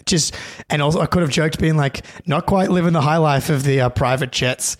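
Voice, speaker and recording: A young man, a podcast co-host, telling a story in an animated, excitable way with many restarts. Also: on the high side, fairly quick. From Australia. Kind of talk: casual storytelling.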